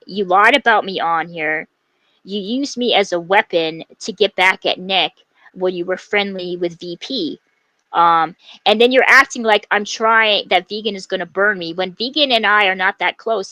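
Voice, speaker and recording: A woman with a bright, forceful, medium-pitched voice rages at a rival on her livestream. Her profane rant stumbles through fillers and restarts. The rough recording has no room sound.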